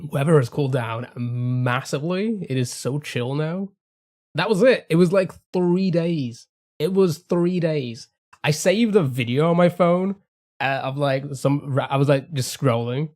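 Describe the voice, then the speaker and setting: A man's voice: a little high, measured pace, darkish tone. A man rambling casually to his live-stream chat, swearing freely and restarting his sentences often. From England.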